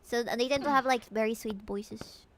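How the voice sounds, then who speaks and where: A woman's voice: a little high, moderate pace, slight background noise. A young woman from Peru with a Peruvian Spanish accent, chatting playfully and giggling with her stream chat as a VTuber. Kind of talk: casual chat with chat.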